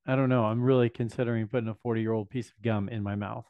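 A man's voice: on the low side, steady tone, quick pace, no echo. A man in his fifties hosting a casual unboxing video, chatting enthusiastically and thinking aloud as he goes. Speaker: vlog host. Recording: dry, slightly dull lo-fi sound.

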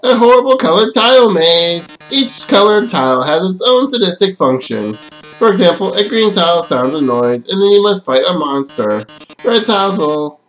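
A man's voice: high voice, big pitch swings, moderate pace, a bit bright, soft background music, voice pushed up, rough recording. A man voicing a flamboyant, theatrical male robot TV host, delivering lines in a hammy, melodramatic, mock-villainous way. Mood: gleeful taunting.

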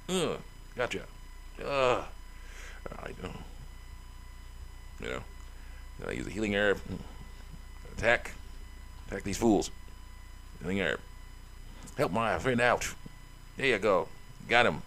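Male let's-play host: low, gravelly, rambling, laughs a lot. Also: big pitch swings, unhurried, pauses often, a bit bright, slight background noise. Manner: chatty, rambling, laughs often. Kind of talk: casual game commentary.

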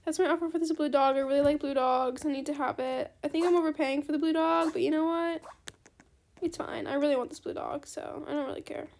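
High, gravelly-voiced woman gaming host. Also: quick pace, a little hiss or hum. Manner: chatty, excitable, polite. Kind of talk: casual gameplay commentary.

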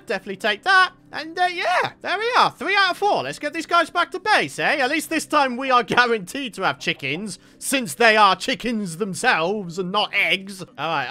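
A man's voice: high voice, pushed and bright. A man giving chatty, playful let's-play commentary and talking to the animals in his game. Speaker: gaming YouTuber.

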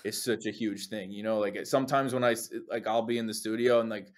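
Brisk and lowish, the voice comes from a young man from New Jersey, a singer who's a guest, recounting stories in easygoing conversation. He is animated, drops frequent swear words, and acts out the quotes of others.

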